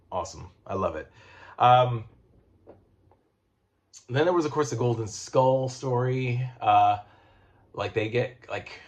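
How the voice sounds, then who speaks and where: A man casually reviewing comic books, rambling and excitable, swearing freely and restarting his sentences. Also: on the low side. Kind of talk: casual chat.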